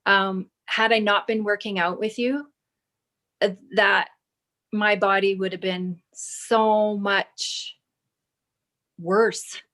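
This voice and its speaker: Slow-talking woman sharing her story. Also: mid-range voice, steady tone, fairly bright tone. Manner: slow, thoughtful, reads from her notes. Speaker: client giving a testimonial. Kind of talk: casual video call chat.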